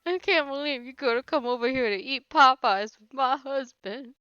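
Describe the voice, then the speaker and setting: A woman's voice: high voice, normal speed, bright, forceful tone, clean tone, no echo, highs cut off. A woman hosting a casual livestream, chatting with viewers and teasing them playfully, laughing often. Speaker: livestream host.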